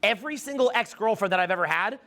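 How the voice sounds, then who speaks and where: High, bright-voiced man talking to an audience. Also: expressive, fast, vocal fry. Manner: emphatic, repeats phrases, many fillers. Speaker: dating coach speaking to a live audience. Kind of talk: animated seminar talk.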